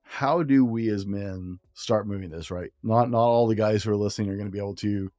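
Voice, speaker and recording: Low-voiced male podcast host. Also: fairly quick, mellow, dry recording, studio quality, soft background music. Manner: conversational, searching, repeats himself. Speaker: podcast host, relationship coach. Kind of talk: interview questions.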